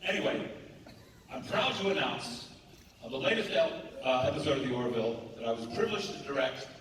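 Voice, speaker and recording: Animated man telling stories in an echoey hall. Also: mid-range voice, a little fast. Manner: animated, playful storyteller. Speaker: convention panelist and director. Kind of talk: storytelling to a live audience. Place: large convention hall. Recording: echoey hall, mic heard from far off. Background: audience noise.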